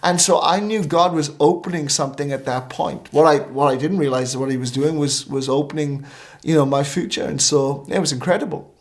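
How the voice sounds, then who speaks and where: A middle-aged man, a guest minister on a talk show, tells a story during his interview. His voice sits a little high and moves briskly, and the lively anecdote is packed with fillers and restarts.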